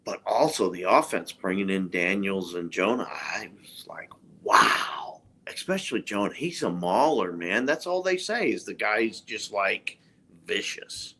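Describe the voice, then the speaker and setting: A man's voice: fairly low pitch, big pitch swings, moderate pace, few pauses, fairly bright tone. A man co-hosting a casual sports podcast, giving emphatic fan opinions. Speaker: podcast co-host. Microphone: live stream microphone.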